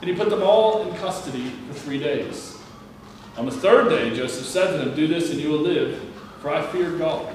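Man reading scripture in an echoey room. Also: fairly high pitch. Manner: measured, plain reading with occasional stumbles and restarts. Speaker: scripture reader. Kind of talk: reading a Bible passage aloud. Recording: very echoey room, distant mic, faint ambient noise.

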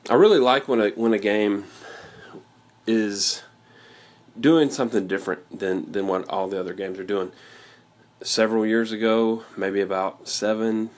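Deep-voiced rambling man radio host. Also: steady tone, normal speed. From US South. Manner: rambling, self-interrupting, joking asides. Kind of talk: casual solo radio talk.

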